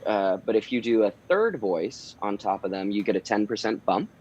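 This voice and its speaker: Low-voiced laid-back man, muffled audio. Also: normal speed, husky. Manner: relaxed, rambling, many "um"s and restarts. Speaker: voice actor guest. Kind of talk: casual interview chat. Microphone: home recording booth.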